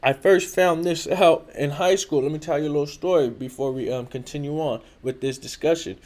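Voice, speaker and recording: A man's voice: a little high, a little fast, a little mellow. A man with a Californian accent telling a casual personal story in slangy, profane speech full of filler tags. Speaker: show host telling a story.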